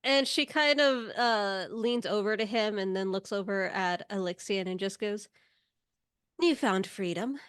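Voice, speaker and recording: A woman's voice: medium pitch, fairly even intonation, normal speed, few pauses, a bit bright, clear, resonant tone, no echo, clean studio sound. A woman playing a tabletop game, casually describing her character's actions. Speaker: player.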